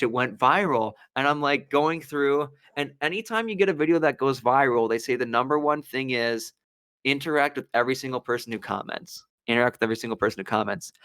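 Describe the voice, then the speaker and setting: A young man from Wisconsin co-hosts a podcast and spins a story with animation, voicing the quotes himself in relaxed conversation. The recording is dry and studio quality, and his medium-pitched voice is smooth.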